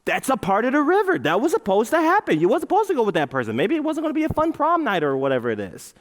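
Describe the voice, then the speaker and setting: A man giving a playful, animated motivational talk on a large auditorium stage, leading the crowd in chants. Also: very high voice, rapid-fire. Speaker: motivational speaker. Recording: reverberant hall.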